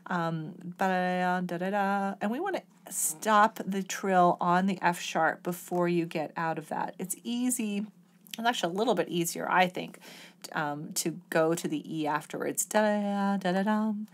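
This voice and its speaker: A woman's voice: on the low side, moderate pace. A woman oboe professor explaining an etude step by step in a patient, methodical lesson. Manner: patient, methodical, sings rhythms on syllables.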